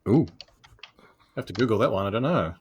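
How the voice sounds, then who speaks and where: A man's voice: lowish voice, animated, a little fast, a little mellow, slightly rough. A man in casual comedy podcast chat, a guest with a dry, inquisitive manner.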